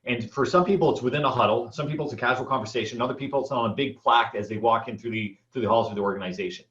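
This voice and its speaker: A man's voice: mid-range voice, racing, a bit bright, reverberant, lo-fi sound. A man speaking as a panelist in a casual video-call discussion, thoughtfully building on the others' points.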